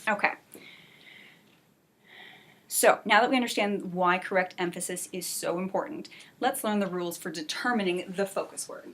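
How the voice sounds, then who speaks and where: A woman teaching an English class for adult learners, speaking clearly and encouragingly, and modeling example sentences slowly. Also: lowish voice, a bit bright. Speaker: ESL teacher.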